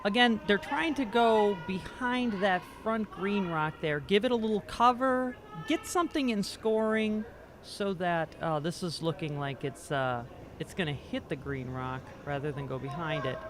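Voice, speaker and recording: This man has a high voice and speaks a little slowly while commentating a curling game as an amateur, with background noise from the rink. He jokes, pokes fun at himself, and stumbles over the players' names.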